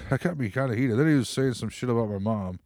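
A man's voice: medium pitch, a little fast, a little mellow, no echo, clean studio sound. A man co-hosting a casual chat, loose and profane, who acts out phone calls in silly voices. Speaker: podcast co-host.

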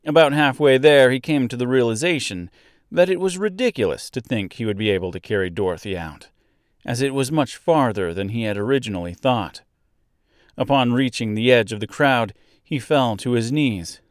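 A man reading a storybook aloud as narrator, in a slow, measured, even way. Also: mid-range voice, dry recording, studio quality.

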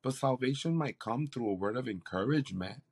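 A man's voice: mid-range voice, lively intonation, brisk, husky. A man, a campus pastor, telling a faith story in an interview with an earnest, preacherly delivery. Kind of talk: interview testimony.

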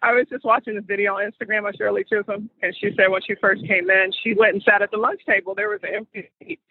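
A woman's voice: mid-range voice, fairly even intonation, quick pace, husky, no room sound. A woman co-host chatting casually, laughing and emphatic. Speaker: podcast co-host. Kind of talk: casual chat. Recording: tinny phone-like sound.

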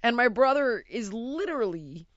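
A middle-aged woman telling a story in casual chat, animated and exasperated, acting out sounds and voices. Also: on the high side, moderate pace, dry recording, dull audio.

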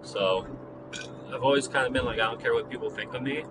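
A young man vlogging outside, with steady traffic noise around him, rambles through a personal story at a fairly quick clip in a mid-range voice. Filler "like"s abound as he plays out both sides of earlier conversations.

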